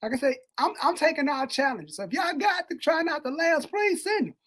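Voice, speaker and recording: A man co-hosting a podcast in casual chat, animated and slangy, swinging between loud and soft. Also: extremely high pitch, brisk. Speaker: podcast co-host. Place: Texas.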